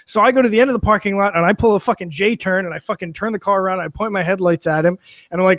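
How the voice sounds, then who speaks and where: High-voiced man telling a rambling story. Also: very fast, fairly bright tone, dry recording, clean studio sound. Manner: rambling anecdote with many fillers and restarts, swearing, laughing through it. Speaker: podcast guest or co-host. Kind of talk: casual storytelling on a podcast. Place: studio filmed for video.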